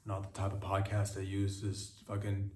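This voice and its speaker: A man's voice: low voice, monotone, unhurried, darkish tone, slight background noise. A man hosting a podcast, rambling through a crude comedic monologue full of stumbling restarts. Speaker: podcast host. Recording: roomy echo.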